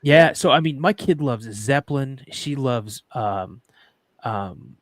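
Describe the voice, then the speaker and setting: A man's voice: medium pitch, expressive, slow pace, no echo. A middle-aged man hosting a live podcast, chatting casually and telling rambling stories. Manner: rambling storyteller, acts out quotes. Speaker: podcast host.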